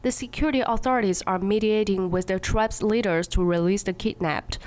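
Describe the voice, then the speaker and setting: A woman news anchor reading scripted news stories in a measured, even way. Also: mid-range voice.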